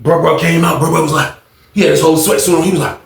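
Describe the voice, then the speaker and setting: A man telling a story in a casual, animated, slangy and profane way. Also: on the high side, quick pace, gravelly, reverberant.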